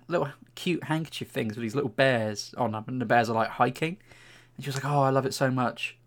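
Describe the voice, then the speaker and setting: A man's voice: mid-range voice, a bit bright. Young man on a swearing rant. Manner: ranting, swears heavily, exasperated storytelling. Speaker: podcast co-host. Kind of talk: casual chat.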